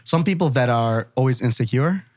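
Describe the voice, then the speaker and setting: A man's voice: mid-range voice, fairly quick, no room sound, clean studio sound. A man guest, a magician, chatting casually on a podcast and acting out quoted people with lots of laughter. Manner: animated storyteller, acts out quotes, laughs often. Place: studio.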